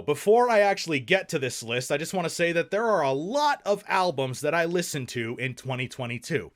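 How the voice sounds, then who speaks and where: A young man hosting a music review channel, delivering profane, sarcastic rants and blunt album reviews. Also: on the high side. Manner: angry sarcastic ranting, heavy swearing; calmer deadpan review delivery.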